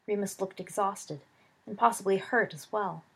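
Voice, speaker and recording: A woman narrating a story in a steady, soft reading voice. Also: mid-range voice, moderate pace, vocal fry, breathy edge. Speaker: audiobook narrator.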